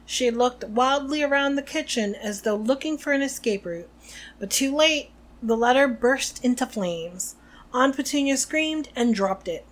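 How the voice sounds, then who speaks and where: A woman co-hosting a podcast, narrating a novel aloud in an expressive way and chatting about it. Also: high voice, measured pace. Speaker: podcast co-host.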